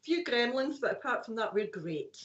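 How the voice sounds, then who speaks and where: A Scottish woman with a high, bubbly voice greets viewers in casual live-show chat and laughs often. The sound is roomy and a little dull. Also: very animated, normal speed. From Scotland. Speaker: co-host and psychic medium.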